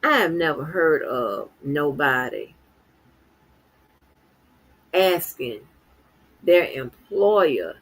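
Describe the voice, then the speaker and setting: A middle-aged woman from Florida in casual, profane commentary, exasperated and swearing constantly as she swings from low mutters to high outbursts. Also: very animated, drawn-out words, long pauses, breathy edge, low-quality recording. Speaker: streamer commenting on news.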